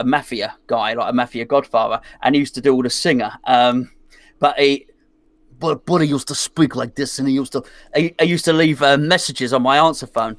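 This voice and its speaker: A man's voice: medium pitch, dry recording. A man co-hosting a casual football chat, teasing the others and rambling through joking anecdotes. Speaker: podcast co-host. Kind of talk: casual banter on a football watch-along.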